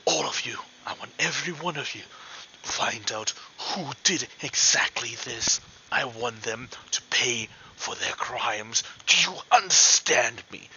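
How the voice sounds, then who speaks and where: A man voicing a commanding male wood elf who shouts threats and orders. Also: medium pitch, animated, unhurried, dull audio, slight background noise. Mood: furious.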